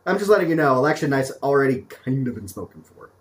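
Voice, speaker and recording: A man's voice: medium pitch, very animated, quick pace. A man co-hosting a podcast, bantering sarcastically with crude jokes and mock voices. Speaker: podcast co-host.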